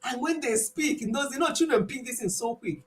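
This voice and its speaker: A woman's voice: high-pitched, brisk, rough recording. A woman from Nigeria with a Nigerian accent, whose first language is Igbo, hosting a casual health channel live stream, telling stories animatedly with frequent laughter. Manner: animated storytelling, laughs often, mixes in Igbo words.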